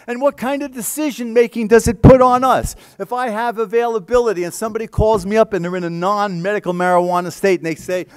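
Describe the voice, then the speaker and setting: A man's voice: sits high, steady tone, quick pace, few pauses, smooth. Emphatic man lecturing. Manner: emphatic, conversational, with frequent "right?" checks. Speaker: scientist giving a lecture. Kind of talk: conference talk.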